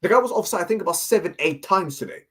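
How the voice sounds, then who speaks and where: A man, ranting hard about football. His voice sits a bit high and sounds husky. He keeps repeating himself and throwing in "yeah?" again and again. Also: lively intonation, fast, fairly bright tone. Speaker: fan guest. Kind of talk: heated fan rant.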